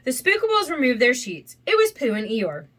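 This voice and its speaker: Bright, animated woman reading a children's story. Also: high-pitched, normal speed. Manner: expressive, animated. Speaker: storybook reader. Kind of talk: children's read-aloud narration.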